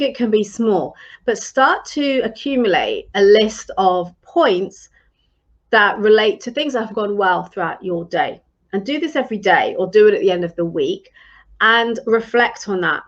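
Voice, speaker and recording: A woman leadership coach speaks to her live-stream viewers in a mid-pitched, encouraging and conversational way. She often restarts her phrases as she talks. Her voice comes through slightly dull, lo-fi stream audio.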